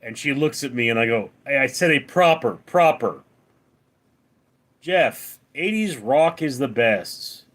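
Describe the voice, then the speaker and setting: A young man from Los Angeles hosting a live stream, casually reading viewer comments aloud and answering them in a relaxed, rambling way. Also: medium pitch, normal speed, hardly any pauses. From Los Angeles, California. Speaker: livestream host.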